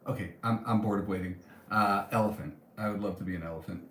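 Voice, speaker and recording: A man hosts a casual live stream and answers viewer comments in a loose, rambling way, often stopping and restarting. His voice sits low. The room is echoey, with a faint hum of ambience behind him. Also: fast, a bit bright. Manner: rambling, with many ums and restarts.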